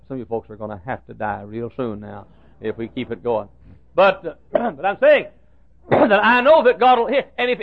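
An older man preaches with a gravelly, creaky voice. He tells folksy stories, rising to loud preaching and dropping to hushed asides. The sound is thin and tinny, like a phone line. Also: medium pitch, dry recording. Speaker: pastor. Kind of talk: sermon with storytelling.

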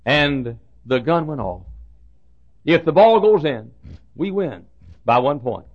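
A man preaching a sermon, telling a folksy story in an animated way that builds suspense. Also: fairly high pitch, slow pace. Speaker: pastor. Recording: dull lo-fi sermon recording.

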